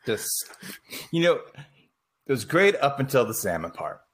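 A man co-hosting a podcast, reacting to a movie recap with quick jokey comebacks. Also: mid-range voice, very animated, fairly bright tone. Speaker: podcast co-host. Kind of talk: casual movie recap chat.

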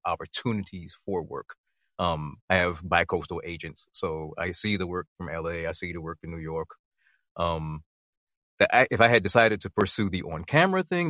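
A man's voice: sits low, fairly bright tone, no echo, studio quality. A man voice actor on a video-call panel, speaking hesitantly with ums and restarts.

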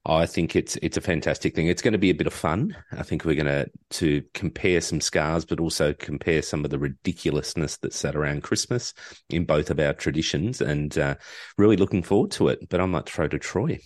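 Very deep-voiced man, dry joking tone. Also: brisk, no room sound. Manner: dry, joking, deadpan humor. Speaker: podcast co-host, guest. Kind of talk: casual podcast chat.

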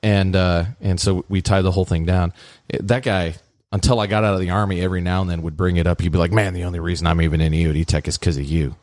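A man and former army bomb technician, relaxed and matter-of-fact, telling a story from training. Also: sits low, fast talker, few pauses, no room sound, clean studio sound. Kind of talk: casual storytelling chat.

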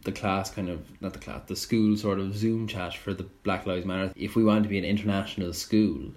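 A man's voice: sits low, a little fast. A young man with an Irish accent hosting a casual podcast chat, often restarting sentences and swearing. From Ireland. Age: young adult. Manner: stumbling restarts, swearing, animated. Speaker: podcast host.

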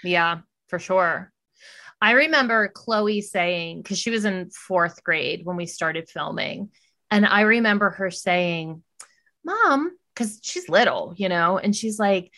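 A woman's voice: fairly low pitch, unhurried. Chatty woman telling stories. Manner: chatty storyteller, animated when quoting others. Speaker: podcast co-host. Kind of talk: casual chat.

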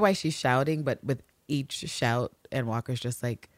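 A woman co-hosting a casual recap podcast, animated, acting out characters in exaggerated voices and swearing freely. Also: very deep voice, unhurried, dry recording, studio quality. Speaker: podcast co-host.

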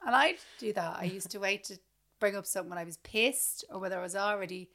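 Brief: woman co-host, animated and sweary, storytelling. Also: medium pitch, quick pace. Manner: animated, swears freely, acts out quoted exchanges. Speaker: podcast co-host. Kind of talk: casual chat.

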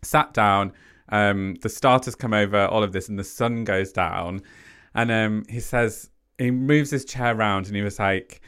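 A man, a podcast guest, telling a personal story in conversation in an animated way. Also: fairly low pitch, unhurried, clean tone. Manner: animated, acts out quotes.

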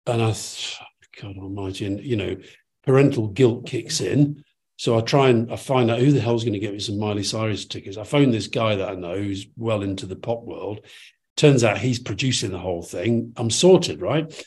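A man, a podcast guest telling an anecdote with lively asides. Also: lowish voice, moderate pace. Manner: animated anecdote-teller, quoting others in changing voices. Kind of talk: conversational storytelling.

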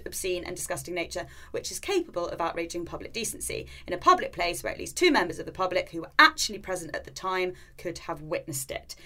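A woman co-hosts a chatty podcast and runs through the news briskly. Her delivery is wry, with dry little asides dropped between items. She sits close to a studio microphone. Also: mid-range voice, bright, forceful tone. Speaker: podcast co-host. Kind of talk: casual podcast chat and news roundup.

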